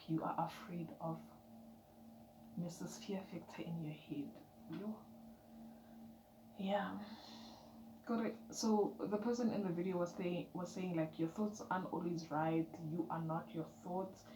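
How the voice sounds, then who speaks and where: A woman giving an emphatic, chatty motivational vlog talk, dropping now and then into soft whispered asides. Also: lowish voice. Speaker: vlogger. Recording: echoey room with background noise.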